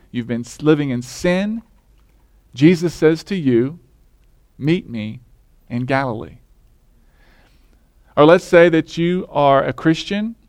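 A pastor with a slightly high, darkish-toned voice delivers a conversational sermon in a dry recording. He asks the congregation questions as he preaches.

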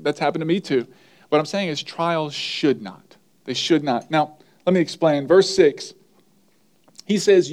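Male pastor, sermon delivery, talks with the room and repeats key lines, voice a bit high. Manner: conversational, asks the congregation questions. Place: church.

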